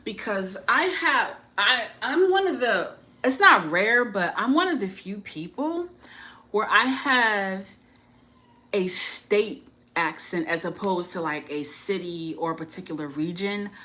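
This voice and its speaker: A woman's voice: mid-range voice, animated, a little slow, sharp tone, low-quality recording. A woman with a US Northeast accent giving dating advice in a casual vlog, chatty and frank and often laughing at herself.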